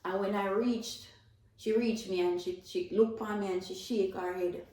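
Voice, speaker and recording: Her mid-range, mellow voice stays steady at a normal speed as she testifies to her faith. The woman has a Jamaican accent, speaks earnestly and emotionally, repeats herself, and is recorded in a very echoey space.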